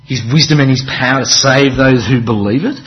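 A man preaching with a wry, chatty delivery, leaning hard on key words and dropping into quieter asides. His voice sits at an ordinary male pitch. The recording sounds a little dull and lo-fi. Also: fairly quick. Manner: conversational, wry preaching with dramatic emphasis and asides. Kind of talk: sermon.

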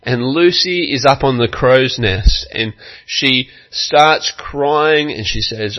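A man preaching a sermon as pastor, telling a story slowly and earnestly and acting out its quotes. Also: mid-range voice, muffled recording.

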